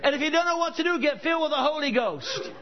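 In a dull, lo-fi recording, a male preacher gives a church sermon at a quick pace in a very high-pitched voice. He tells stories and fires emphatic rhetorical questions at the congregation.

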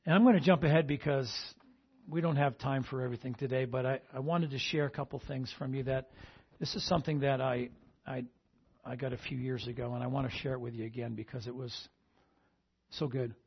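A male pastor preaches a sermon in a medium-pitched, steady, slightly rough voice at a fairly quick pace, with lo-fi sound. Between points he keeps asking the congregation "amen?" in call-and-response fashion.

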